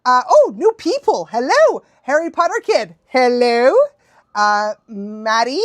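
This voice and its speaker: A woman, a dog trainer chatting casually on a livestream Q&A. She laughs often and acts out quotes in high, playful voices. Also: sing-song, a little slow, dry recording, studio quality.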